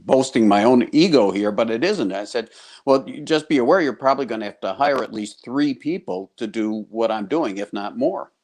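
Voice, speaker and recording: Older American man, guest TV host, casual, animated anecdotes, video-call sound. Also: mid-range voice, normal speed. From United States. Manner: chatty, laughs easily, animated when quoting people. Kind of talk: casual interview chat.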